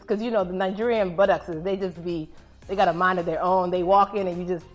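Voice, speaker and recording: A woman's voice: lowish voice, quick pace, faint music behind. A woman in a comedy clip explaining slang in a playful, teasing way with mock-dramatic asides.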